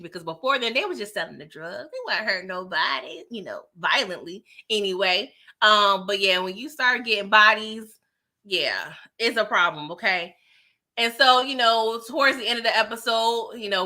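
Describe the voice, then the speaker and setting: A woman recapping a TV episode in a casual vlog, animated and exasperated, talking in slang and often laughing. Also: medium pitch. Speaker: TV recap vlogger. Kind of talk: casual spoken review.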